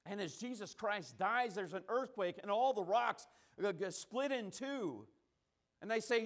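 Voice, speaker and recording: Preacher, male, high pitch; emphatic sermon delivery, repeats lines for weight. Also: lively intonation, measured pace, fairly bright tone. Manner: emphatic, repeating and restarting phrases, acting out quotes.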